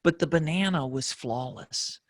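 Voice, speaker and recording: A man whose voice sits higher than most men's, telling stories in a reflective, casual conversation as a podcast guest. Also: measured pace, no room sound, studio quality. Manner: reflective storyteller.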